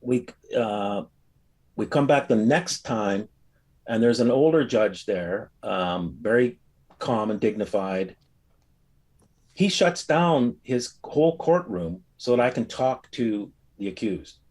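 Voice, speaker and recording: A man casually recounting a personal experience, telling it as a rambling, animated story with frequent fillers. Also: lowish voice, takes it slowly. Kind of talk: casual anecdote.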